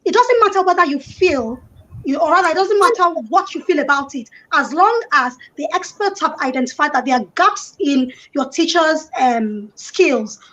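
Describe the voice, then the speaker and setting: A woman from Nigeria with a Nigerian accent, a panel guest who explains her views in a measured way, often saying "you know". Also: high-pitched, animated, bright, forceful tone, poor audio. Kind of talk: online panel discussion.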